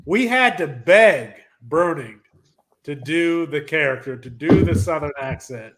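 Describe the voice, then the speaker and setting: A man hosting a casual podcast with friends sounds a little tipsy. He teases the others in a loose, chatty way, and his voice sits slightly higher than average. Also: lively intonation, a little slow, crowd noise. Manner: teasing, chatty. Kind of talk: casual group chat.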